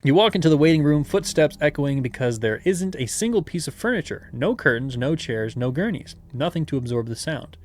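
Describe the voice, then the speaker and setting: A man's voice: a little high, animated, a little fast, hardly any pauses. A man reading a gamebook aloud as game master, with playful asides and laughter.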